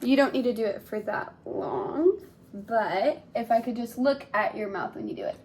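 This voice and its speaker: A woman's voice: a little high, sing-song, moderate pace, background noise. A young woman giving a clinical exam, giving polite step-by-step instructions and often saying "awesome". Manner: polite, encouraging, repeats "awesome". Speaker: speech therapy student examiner.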